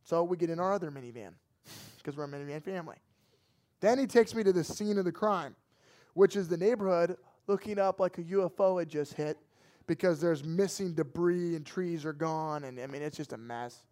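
A young man, a pastor, telling a personal story in a lively, dramatic sermon. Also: on the high side, fairly quick.

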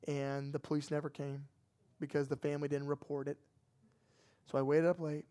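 A young man, a pastor, telling a personal story in a lively, dramatic sermon. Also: on the high side, normal speed.

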